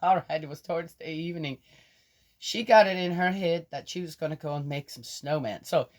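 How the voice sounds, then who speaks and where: A woman's voice: sits low, a little fast, a little mellow. Chatty older woman who laughs a lot. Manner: rambling and chatty, laughs often. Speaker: vlogger. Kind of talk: casual chat to camera.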